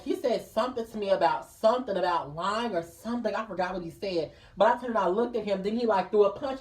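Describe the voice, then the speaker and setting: A woman's voice: medium pitch, distant mic. A woman vlogger telling a personal story in a casual, chatty way, calling her listeners girl and y'all, and acting out the people she talks about. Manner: lively, acts out the people in the story.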